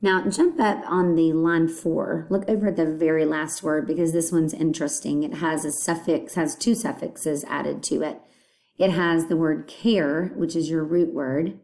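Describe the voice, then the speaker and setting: A woman's voice: sits low, fairly even intonation, measured pace, darkish tone. A woman teaching a phonics lesson, patiently breaking words into their parts and explaining what they mean.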